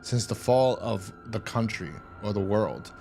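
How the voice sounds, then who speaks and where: A man with a fairly low voice talks through a TV episode in a loose, rambling way. He swears freely and slips into the characters' lines as he retells scenes, while soft music plays underneath. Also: unhurried, creaky. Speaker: show reviewer. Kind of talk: casual recap and commentary.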